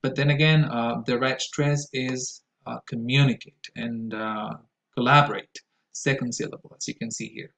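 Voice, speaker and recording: A man's voice: mid-range voice, fairly even intonation, normal speed, vocal fry, few pauses, low-quality recording. Spanish-speaking man teaching English stress. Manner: careful, explanatory, with frequent "uh" fillers. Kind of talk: lecture to students.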